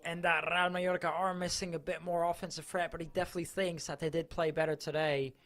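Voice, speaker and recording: Man, club reporter, live match coverage, slightly high voice, flat delivery, chatty. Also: fast. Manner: chatty, enthusiastic.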